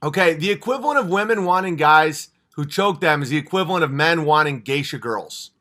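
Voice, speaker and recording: A man's voice: fairly high pitch, expressive, brisk, sharp tone. A man hosting a livestream, ranting passionately and profanely, rambling from point to point. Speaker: livestream host. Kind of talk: heated livestream rant.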